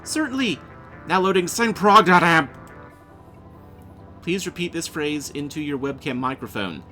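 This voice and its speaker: A man's voice: fairly high pitch, expressive, unhurried, pushed and bright, faint music behind, voice pushed up. A man voicing a cheerful, overly friendly male AI assistant program in a game. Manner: chirpy, overly friendly, calls the player friend.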